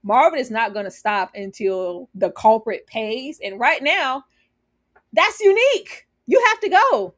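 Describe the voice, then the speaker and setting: A woman's voice: fairly high pitch, animated, unhurried, fairly bright tone. A woman on a review panel talking casually and animatedly about a TV series, laughing often and acting out scenes.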